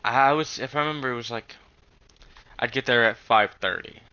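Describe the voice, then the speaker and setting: A young man telling a rambling story in casual chat, halting with many fillers and frequent swearing. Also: mid-range voice, bright, forceful tone, clean tone, rough recording.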